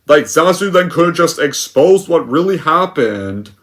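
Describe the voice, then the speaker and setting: A man's voice: fairly high pitch, animated, a little slow, a bit bright. A man giving a ranting movie review, rambling and full of "like" fillers, scornful and exasperated. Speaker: film reviewer.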